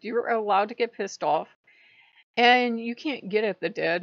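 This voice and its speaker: A woman's voice: mid-range voice, creaky, no echo, muffled recording. A woman talking in a casual vlog monologue, blunt and profane, rambling and often breaking into laughs. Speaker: spiritual YouTuber.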